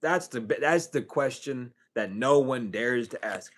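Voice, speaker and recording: A man talking straight to camera in a casual, profane spiritual vlog, animated and laughing between thoughts. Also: medium pitch, measured pace, few pauses. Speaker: tarot reader and healer.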